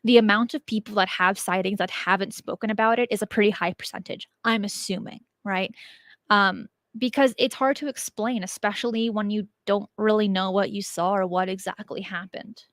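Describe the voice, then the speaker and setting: A woman's voice: medium pitch, normal speed, dry recording. A young woman hosting her channel, chatting casually and animatedly as she answers viewer questions. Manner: chatty, animated, laughs easily. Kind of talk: casual chat.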